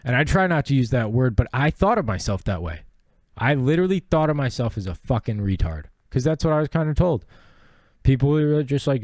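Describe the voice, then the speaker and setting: A man's voice: medium pitch, lively intonation, fast talker, darkish tone, dry recording. A young man hosting a podcast, telling his personal story in a rambling, profane and earnest way. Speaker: podcast host.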